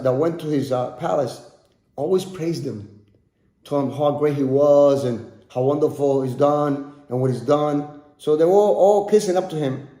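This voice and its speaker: Guy narrating a story on his podcast, a bit high, dark mellow tone, lots of room echo. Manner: repeats and restarts words while telling. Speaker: podcast host. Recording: echoey room.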